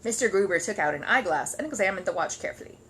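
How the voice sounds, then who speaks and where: Bright, expressive woman reading aloud. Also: mid-range voice, fast talker, slightly rough. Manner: expressive storytelling. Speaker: storybook reader. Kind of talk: reading a children's book aloud.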